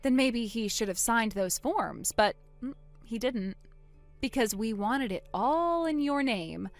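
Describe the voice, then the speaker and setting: A woman voicing a wronged older sister in a dramatized text-message story, speaking quietly and deliberately. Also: a little high, lively intonation, soft background music. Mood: cold.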